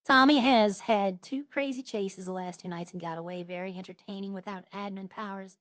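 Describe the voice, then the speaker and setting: A woman's voice: medium pitch, normal speed, a bit bright, no room sound. A woman chatting casually on a roleplay stream, rambling through funny stories and imitating the people she quotes.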